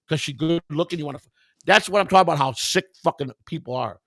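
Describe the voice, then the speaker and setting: A livestream host with a fairly high, slightly bright voice talks fast, telling stories in casual chat in a blunt, profane, emphatic way and acting out other people's lines. The sound is studio quality with no room sound.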